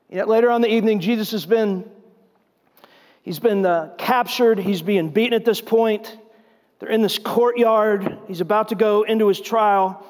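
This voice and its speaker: Guy preaching a sermon, pretty high voice, chatty storytelling, big church echo. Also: normal speed, a little mellow. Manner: conversational storytelling, acting out scripture scenes. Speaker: pastor. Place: church sanctuary.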